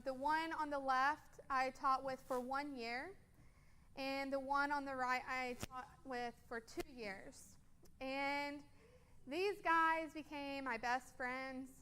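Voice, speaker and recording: A woman's voice: high-pitched, fairly bright tone, a little hiss or hum. A woman in her twenties, a guest speaker at a church, telling a personal story over photos in an earnest, casual way with frequent ums.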